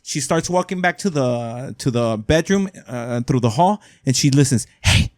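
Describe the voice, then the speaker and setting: A male podcast host tells a casual, rambling story, often tossing in "right?" along the way. His mid-range voice is slightly mellow with lively intonation and a moderate pace, recorded in a clean studio with no room sound.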